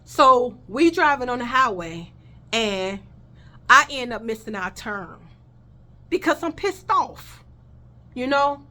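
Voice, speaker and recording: A woman's voice: a little high, bright, forceful tone. A woman telling a personal story in a casual vlog, blunt and heated, swearing freely and talking straight to her viewers.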